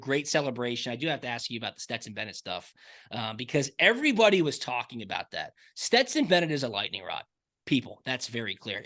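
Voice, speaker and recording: A man's voice: medium pitch, a bit bright. A man from Atlanta hosting a sports podcast, chatting casually and telling stories with enthusiasm. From Atlanta, Georgia. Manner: enthusiastic, storytelling, quick asides. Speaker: podcast host.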